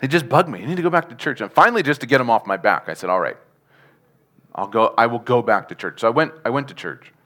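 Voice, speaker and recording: A man's voice: medium pitch, expressive, fast talker, a bit bright. A man giving a sermon testimony, telling his story earnestly with chuckles and asking the congregation questions. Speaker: preacher.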